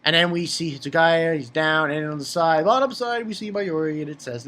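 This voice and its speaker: A man reviewing a manga chapter talks briskly, barely pausing, with a little hiss or hum behind him. His rambling, casual commentary is excitable, rising sharply in pitch when he gets heated.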